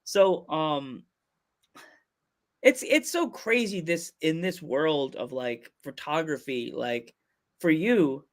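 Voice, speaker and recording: A man's voice: fairly high pitch, lively intonation, takes it slowly. Playful male podcast host. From Pennsylvania. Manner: playful, laughs often, jokey voices. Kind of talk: casual interview chat.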